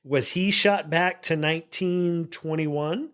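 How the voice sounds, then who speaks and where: A man's voice: fairly high pitch, takes it slowly. A man co-hosting a podcast in casual, jokey chat. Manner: jokey, animated. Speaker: podcast co-host.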